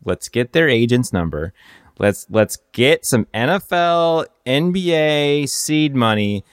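A man co-hosting a podcast, rambling in quick bursts that trail off mid-thought. His voice sits at a middle pitch. The sound is dry and close-miked. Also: animated, clean tone, no room sound. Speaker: podcast co-host. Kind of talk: casual podcast chat.

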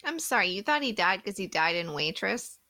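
A woman's voice: mid-range voice, sing-song, brisk, sharp tone, no echo. Brief: playful woman co-host, keen tone, needling her partner, dry studio sound. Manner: teasing, laughs often. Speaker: podcast co-host. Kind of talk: casual comedic chat.

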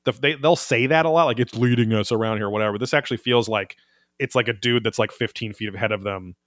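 A man's voice: medium pitch, fast, a bit bright, no room sound, studio quality. A man hosting a podcast, recapping an episode in a rambling, profane, wry casual chat. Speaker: podcast host.

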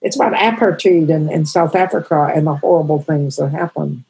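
A woman in her eighties, a comedian guest, telling stories in an emotional, halting way. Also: sits low, creaky, warm tone, breathy edge, rough recording. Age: 80s. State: crying. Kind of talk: storytelling interview answers.

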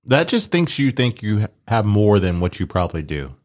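A man's voice: lowish voice, big pitch swings, moderate pace. A man co-hosting a casual podcast chat, rambling with lots of fillers. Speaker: podcast co-host.

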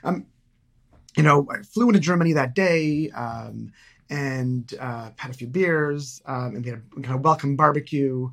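Middle-aged man, podcast guest, halting, filler-heavy casual talk. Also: mid-range voice, a bit bright. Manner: hesitant, many fillers and restarts. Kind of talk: casual conversation.

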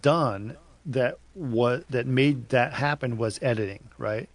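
Rambling, animated man in casual chat. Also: mid-range voice, takes it slowly, no echo. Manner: rambling, self-correcting, animated storytelling. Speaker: podcast co-host.

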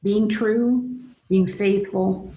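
In a room with noticeable echo, a middle-aged mother speaking as a guest shares earnest stories about faith and parenting for a Christian audience, voicing the people she quotes. She has a warm, mid-range voice with fairly even intonation and drawn-out words.

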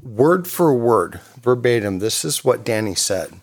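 A storyteller guest, a man in his fifties from California, tells a long, casual anecdote, rambling, swearing heavily, and laughing often. His mid-range voice is unhurried and sing-song.

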